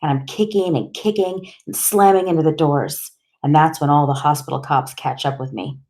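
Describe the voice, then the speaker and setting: Low-voiced woman narrating an audiobook. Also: normal speed, a little mellow. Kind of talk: first-person audiobook narration.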